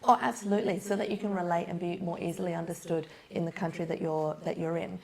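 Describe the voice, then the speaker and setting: A woman, a public speaking coach, talking in an animated way as a podcast guest and acting out examples. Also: lowish voice, quick pace, vocal fry. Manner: animated, acts out examples in different voices. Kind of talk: podcast conversation.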